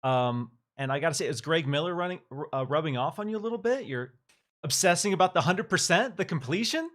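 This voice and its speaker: A man hosting a casual live-streamed gaming chat, talking with animated energy and reading out viewer messages. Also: on the high side, a little fast. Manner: animated, reads viewer comments aloud. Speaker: podcast host.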